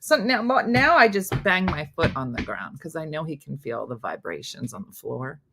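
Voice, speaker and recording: Animated low-voiced woman comedy host. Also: moderate pace, creaky, background noise. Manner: animated storytelling, laughing often, acting out family exchanges. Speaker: comedy morning show host. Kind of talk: casual live-show chat reading viewer comments.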